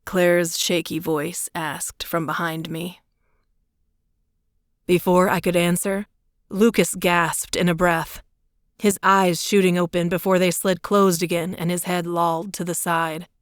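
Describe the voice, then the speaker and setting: Low-voiced woman narrating a romance. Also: flat delivery, no echo, studio quality. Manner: measured, intimate storytelling. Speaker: audiobook narrator. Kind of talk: first-person romance narration.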